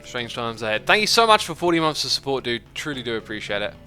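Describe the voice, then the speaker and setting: A man hosts a gaming livestream, answering chat in a loose, rambling way full of fillers and restarts. His voice is bright and forceful at a medium pitch. Faint music plays behind him. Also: sing-song, fast talker. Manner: thinks aloud with many fillers and restarts.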